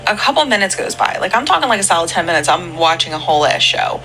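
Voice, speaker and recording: A woman's voice: lowish voice, expressive, quick pace, hardly any pauses, pushed and bright, soft background music, rough recording. A woman and mother rambling through a creepy story from her home, full of fillers. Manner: rambling, filler-heavy talk. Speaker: parent telling a story. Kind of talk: casual storytelling.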